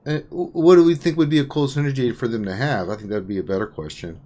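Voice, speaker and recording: A man's voice: mid-range voice, fast. Guy hosting a live game q&a on a call, teasing, jumpy delivery. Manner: teasing, animated, jumps between joking and reading questions. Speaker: host of a live Q&A stream. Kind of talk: casual group chat on a call.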